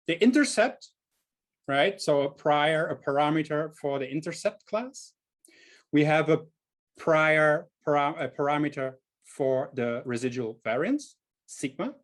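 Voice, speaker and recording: A man with a German accent teaching a statistics workshop over a video call, explaining step by step with frequent "right?" checks and small self-corrections. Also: on the high side. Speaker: statistics instructor. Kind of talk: online workshop lecture.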